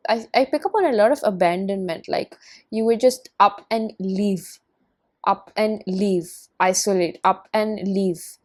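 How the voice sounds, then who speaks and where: A woman giving a tarot card reading, talking emphatically and repeating phrases for stress. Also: mid-range voice. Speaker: tarot reader.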